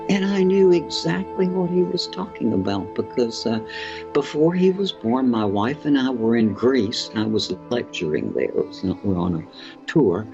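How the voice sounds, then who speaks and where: A middle-aged man recounting personal stories in an interview, reflective and halting, with fillers. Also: medium pitch, lively intonation, vocal fry. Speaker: author and filmmaker guest. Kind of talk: storytelling in an interview. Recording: dull lo-fi sound with music underneath. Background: music.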